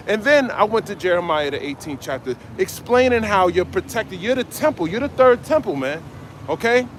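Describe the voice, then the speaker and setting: A man delivers a fiery open-air street sermon, exhorting passersby and capping his lines with "man." His voice sits high for a man. He is recorded outdoors at an urban marketplace, with faint traffic noise behind him. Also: a bit bright. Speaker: street preacher.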